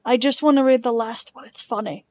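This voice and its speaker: A soft-spoken woman co-hosting a podcast in casual chat, mostly with brief, agreeing replies. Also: on the high side, brisk, no echo. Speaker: podcast co-host.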